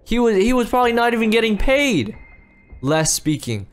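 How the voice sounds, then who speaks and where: Man, high voice, frantic game role-play, repeats words, faint music behind. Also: quick pace. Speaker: role-play creator and lead player. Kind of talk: Minecraft role-play acting.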